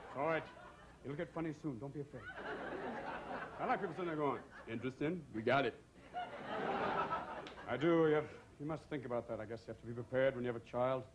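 A man's voice: medium pitch, fast talker, heavy background noise. A man doing a manic stand-up routine on a comedy club stage, jumping between voices.

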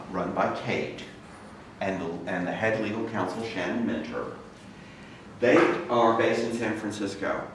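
A man giving a talk to an audience, telling his story in a casual, conversational way and acting out the voices of people he quotes. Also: fairly low pitch. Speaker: guest speaker. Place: large campus lecture room. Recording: very echoey room, speaker far from mic, faint noise.

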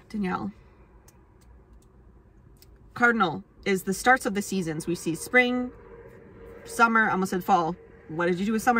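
Speaking at medium pitch and a moderate pace, this young astrology vlogger sounds bright and forceful, with slight background noise behind her. She's rambling through an astrology explanation to camera, laughing a lot, cursing freely and teasing herself.

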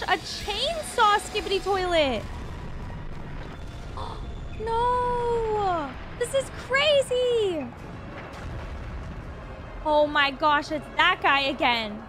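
A woman hosting a reaction video, excitable and gasping often, talking to her viewers. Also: very high-pitched.

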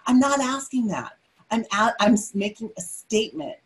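A woman's voice: a little high, moderate pace, low-quality recording. Emphatic middle-aged woman giving a webinar. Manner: energetic, emphatic, repeats key phrases. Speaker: webinar speaker. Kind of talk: motivational webinar talk.

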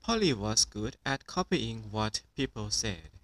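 Slow-reading man telling a children's story. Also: fairly low pitch, sing-song, no room sound, low-quality recording. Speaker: storybook reader. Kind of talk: reading a children's picture book aloud.

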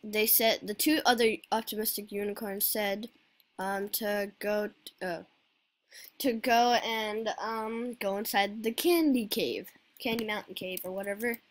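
A woman's voice: medium pitch, steady tone, measured pace. A woman giving casual, rambling gameplay commentary full of fillers as host of her own channel. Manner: rambling, forgetful, filler-heavy.

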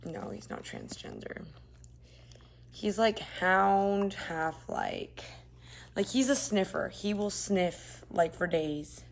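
A young woman streams from her phone in a shared apartment while feeling nauseous. She chats casually with viewers, her voice swinging from sudden loud bursts to low, weary murmurs. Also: huge pitch swings, slow pace, creaky, slight background noise. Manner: chatty, drifting between loud outbursts and tired murmurs. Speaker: live streamer. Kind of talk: casual live-stream chat reading comments.

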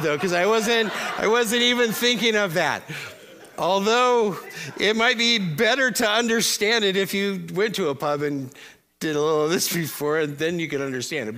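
A man's voice: sits high, sharp tone. A male pastor giving a sermon to his congregation, chatty and joking with asides to the crowd. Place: church service before a congregation.

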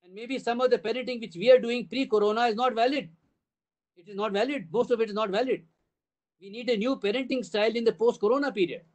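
Older Indian English man, high voice, speaking emphatically to parents at a town hall, stacking points in repeated phrases. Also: fast talker. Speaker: school trust CEO addressing parents.

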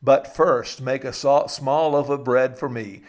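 A man preaching a sermon, telling stories and raising his voice for quoted lines, slowing down for emphasis. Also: medium pitch, fairly even intonation, darkish tone. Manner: storytelling, raises voice for quoted lines; slows for emphasis, restarts words. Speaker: pastor.

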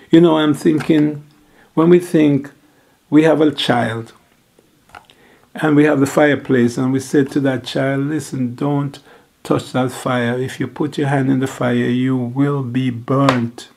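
A man preaching a sermon in a slow, halting way, rising higher and louder when he stresses a point. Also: vocal fry, breathy edge.

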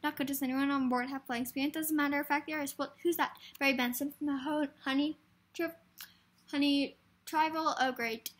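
A woman's voice: high-pitched, steady tone, a little fast. A woman reading a film script aloud for a variety show, hurrying through with stumbles and restarts.

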